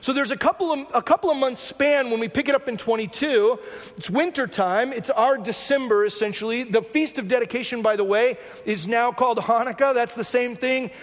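A man preaches a sermon in a relaxed, conversational teaching style, often checking in with the congregation. His voice sits very high for a man. The sound carries the long reverb of a large church sanctuary. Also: brisk. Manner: conversational teaching, frequent "right?" asides. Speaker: pastor.

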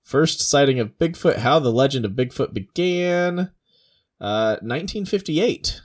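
A man co-hosting a casual podcast, playful and quick to laugh, often tripping over his words. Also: medium pitch, lively intonation. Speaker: podcast co-host. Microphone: home podcast mic held back from the face.

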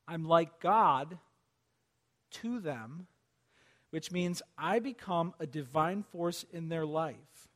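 A man preaching a sermon who asks his congregation question after question and swings between loud urgent appeals and hushed, almost whispered lines. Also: high-pitched. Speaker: pastor.

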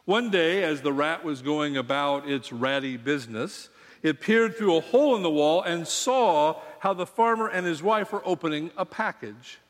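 A pastor preaching and telling a story to his congregation, with measured delivery and dramatic pauses. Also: a little high, expressive. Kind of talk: sermon with storytelling. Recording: long hall reverb.

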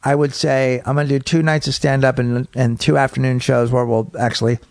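A man's voice: mid-range voice, fairly quick, vocal fry, dry recording, clean studio sound. A middle-aged male comedian telling a long, profane story in casual chat, acting out bits of it. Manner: profane, animated, acts out bits. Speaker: comedian guest. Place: home studio man cave. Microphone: podcast mic.

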